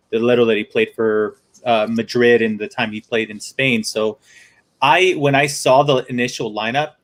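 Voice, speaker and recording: A man's voice: mid-range voice, fairly bright tone. Methodical male football fan. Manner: methodical, lists points. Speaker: caller on open mic. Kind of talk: casual chat.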